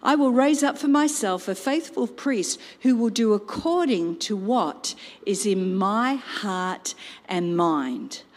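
A woman voicing a stern male prophet, proclaiming slowly and gravely. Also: medium pitch. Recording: long reverb.

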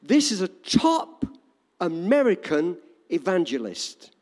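Older English preacher, animated and high. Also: male voice, measured pace, in a large hall. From England. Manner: emphatic, repetitive preaching cadence. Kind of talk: sermon.

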